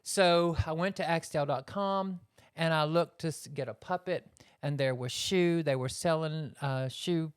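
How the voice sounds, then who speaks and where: A woman's voice: low voice, measured pace, hardly any pauses, smooth. A woman ventriloquist in a casual interview, telling her story in a rambling way with lots of fillers.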